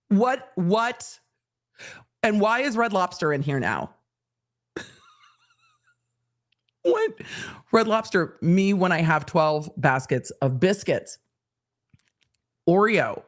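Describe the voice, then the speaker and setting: Laughing woman host reacting live. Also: fairly low pitch. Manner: laughing, incredulous, animated reactions. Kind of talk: live stream commentary.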